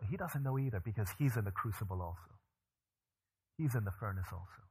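Delivering a sermon, a pastor recounts a personal story with animation, performing the voices of the people he quotes. His voice is lowish and brisk with a breathy edge.

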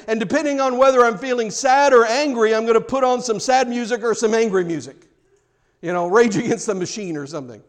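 High-voiced preacher, conversational and fervent. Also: male voice, fairly quick. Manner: conversational, rising to fervent emphasis; jokes with the congregation. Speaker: pastor. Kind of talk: sermon.

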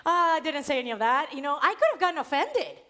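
A woman preacher with an accent, giving a sermon and telling a personal story in a lively way with frequent laughs. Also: sits high, fast. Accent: non-native accent. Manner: lively storytelling, laughs often, stresses key words.

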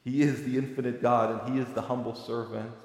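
A male pastor delivering a sermon, moving between quiet, reflective passages and loud, emphatic preaching. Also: medium pitch, flat delivery, fairly quick. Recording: echoey hall with long reverb.

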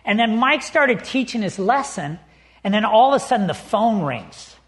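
A pastor with a high voice preaches at a moderate pace, telling a humorous personal story before reading scripture. He is a lively storyteller who acts out the people and their quotes and laughs easily.

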